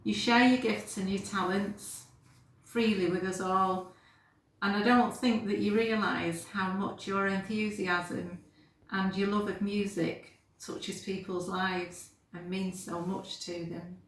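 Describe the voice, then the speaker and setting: A woman in her sixties, a mother, giving a warm, earnest birthday message to her daughter. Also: mid-range voice, fairly even intonation, slow. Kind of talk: heartfelt birthday video message. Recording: very echoey room, faint background noise.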